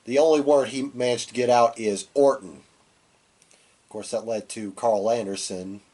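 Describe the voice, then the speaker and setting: A man's voice: mid-range voice, steady tone, moderate pace, warm tone. Man with a cold, rambling wrestling recap. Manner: loose, rambling recap with acted-out quotes. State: has a cold, coughing. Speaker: podcast co-host.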